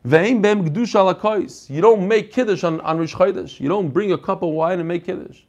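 A man teaching an online Talmud class over a video call, animated and quizzing his students. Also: high-pitched, normal speed. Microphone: computer mic on a video call.

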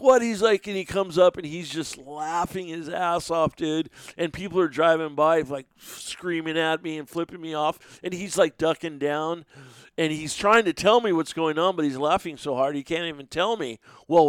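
A middle-aged man casually telling animated, profane stories in a podcast chat, sometimes shouting. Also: fairly high pitch, normal speed, smooth, dry recording. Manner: animated, swears freely, shouts when acting out others.

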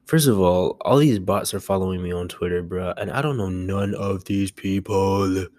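A young man hosting a casual solo podcast from home, chatty and rambling, talking quietly so as not to be loud. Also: sits low, normal speed. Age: young adult. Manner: chatty, rambling, self-amused. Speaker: podcast host.

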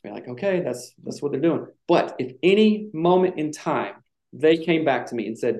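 A man's voice: on the high side, lively intonation, moderate pace, a little mellow. A man telling a personal story in casual chat, reflective and emotional at times. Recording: echoey room.

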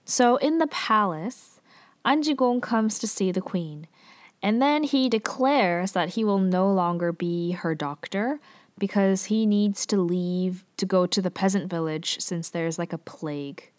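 A woman's voice: mid-range voice, measured pace. A woman casually recapping a drama episode, chatty and loose, full of fillers and playful asides.

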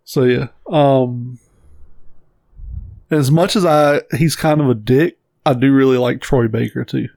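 A man's voice: mid-range voice, unhurried, creaky, a little mellow, no room sound. A man co-hosting a podcast in casual chat, blunt and emphatic, swearing freely. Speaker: podcast co-host.

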